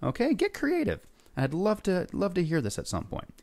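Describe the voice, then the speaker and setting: A man's voice: sits high, wildly swooping pitch, normal speed, gravelly, a little mellow. A male music teacher leading a lesson for young kids, upbeat and coaxing them to repeat words and sing along. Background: faint guitar.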